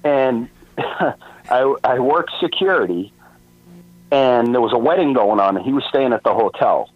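A man's voice: medium pitch, lively intonation, a little slow, dry recording. A man from Boston calling in to a radio show, tipsy and laid-back in casual chat. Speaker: caller. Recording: dull lo-fi phone line.

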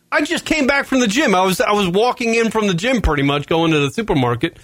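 A man co-hosting a comedy talk podcast, telling stories in a profane, animated way with lots of fillers. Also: very high-pitched, fast, hardly any pauses, no echo. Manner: animated, swears constantly, frequent fillers. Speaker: podcast co-host.

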